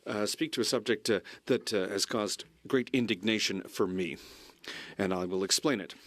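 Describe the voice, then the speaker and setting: A man from Quebec, a member of parliament, giving a halting speech in a legislative chamber with many fillers. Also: on the low side, fairly bright tone, no room sound.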